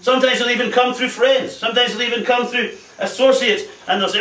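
A man preaches a fervent sermon to a congregation, sprinkling in amens and hallelujahs. His voice sits high and sounds bright. It carries from some distance off the mic and echoes through a roomy church hall. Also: fairly even intonation, a little fast, hardly any pauses.

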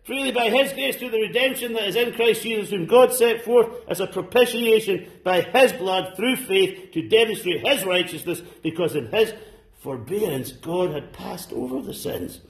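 High-voiced fervent preacher man. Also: expressive, normal speed, vocal fry, echoey room. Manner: fervent, exclaiming and calling out to the congregation; shifts between loud exclamations and soft, low asides. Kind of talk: sermon. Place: church service.

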